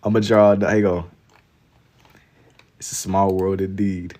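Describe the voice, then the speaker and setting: A man's voice: low voice, level tone, measured pace, warm tone. Laid-back, slangy young man streaming. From Kentucky. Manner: laid-back and slangy, reading chat aloud. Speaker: livestreaming artist. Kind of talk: casual livestream chat while drawing.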